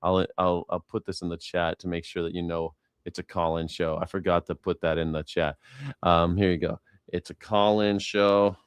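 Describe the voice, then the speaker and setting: A man's voice: sits low, little pitch movement, normal speed, clear, resonant tone, no echo, studio quality. A man hosting a call-in news reaction stream, rambling and swearing freely with frequent laughs. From United States. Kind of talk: casual, profane live-stream commentary.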